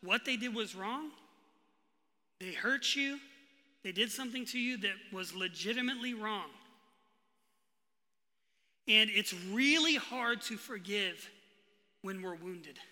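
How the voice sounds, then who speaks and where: A man preaching a sermon as pastor, swinging between forceful emphasis and hushed, quiet lines. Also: high voice, lively intonation, takes it slowly, long pauses, in a large hall. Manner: preaching with sudden bursts of emphasis and hushed drops. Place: church hall.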